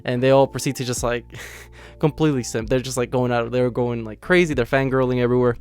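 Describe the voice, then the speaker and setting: A man with a hoarse, raspy voice from being sick, hosting a casual, upbeat manga chapter review and peppering his talk with "you know.". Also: medium pitch, fairly even intonation, fast talker, darkish tone. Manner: upbeat and chatty, full of "you know" fillers and laughs. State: hoarse from illness. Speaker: anime channel host.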